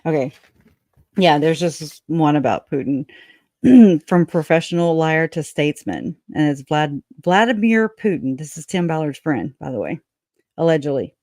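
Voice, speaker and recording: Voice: medium pitch, lively intonation, normal speed, a little mellow, no room sound, studio quality. A livestream host in casual commentary, reading quotes aloud and chatting with viewers, with loose, folksy speech and frequent laughter. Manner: chatty, laughs often, breaks off to talk to chat.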